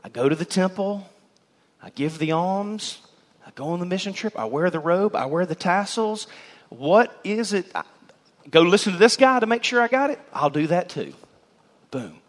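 A man delivers a sermon in a church sanctuary. His voice sits a touch high for a man and swings widely in pitch. He questions the congregation and acts out the people he quotes. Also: lively intonation, moderate pace. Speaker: pastor.

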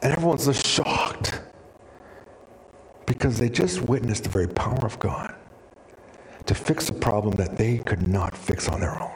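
A man preaching a sermon as pastor, animated and storytelling, with sudden drops to a hushed voice. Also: mid-range voice, moderate pace, pauses often, slight background noise. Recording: reverberant hall.

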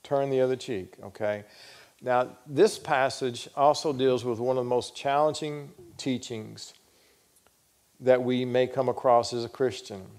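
A man's voice: medium pitch, a little slow, darkish tone. A male pastor preaching a sermon, earnest and questioning, telling stories to make his point.

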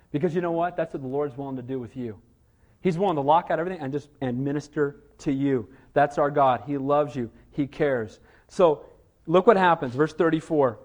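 A man preaching a sermon as pastor, calling out "amen?" often and swinging between loud emphasis and soft, low passages. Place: church auditorium.

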